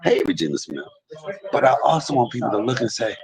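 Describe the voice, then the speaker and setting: Animated man streaming from a hospital bed. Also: mid-range voice, quick pace, crowd noise, rough recording. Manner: preachy, animated, repeats himself. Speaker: livestream host. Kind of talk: casual live stream talk. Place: hospital emergency room bed.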